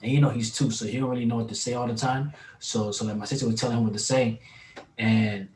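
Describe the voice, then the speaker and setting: A man from New co-hosting a casual podcast chat, telling stories in an animated, slangy way. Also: medium pitch, fast talker, a little hiss or hum. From New York. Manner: animated, slangy storytelling with laughs. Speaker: podcast co-host. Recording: roomy, distant mic, faint ambience.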